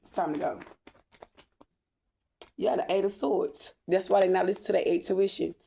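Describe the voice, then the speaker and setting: A woman with a gravelly, fry-tinged voice giving a spiritual tarot reading. She talks bluntly, stresses her points hard and checks in with "okay?" again and again. She swears without holding back. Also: mid-range voice, fairly even intonation, moderate pace, dark tone. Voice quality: emphatic, repeats "okay?" often. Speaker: tarot reader.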